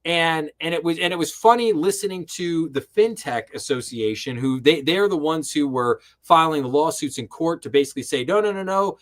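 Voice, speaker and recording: A man hosts a live-streamed finance commentary show, his voice sitting a little higher than most men's. He talks with impassioned, sarcastic energy, and he restarts and repeats words as his indignation builds. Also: normal speed, hardly any pauses. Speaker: host.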